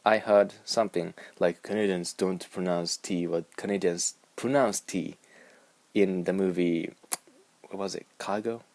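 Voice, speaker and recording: A man's voice: low-pitched, steady tone, unhurried, a little mellow, no room sound. A young man with a Japanese accent, rambling and musing aloud in a casual vlog. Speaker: vlogger.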